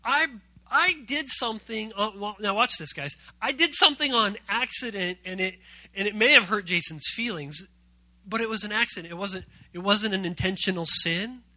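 Youth pastor, male, very bright, high voice; playful, jokey sermon delivery that keeps quizzing the room. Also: normal speed, no room sound.

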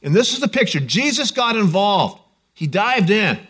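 Pastor, higher pitched guy, chatty sermon with jokes and stories. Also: very animated, moderate pace, a bit bright, husky. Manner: conversational, jokey storytelling.

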